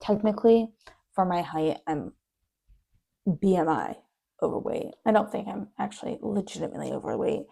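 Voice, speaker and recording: Young woman, low-key diary vlogger: mellow tone with vocal fry, rambling and sleepy. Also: expressive, normal speed. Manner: rambling, chatty, drifts in and out of soft whispers. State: sleepy, yawning. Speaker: video diarist. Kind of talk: casual diary chat.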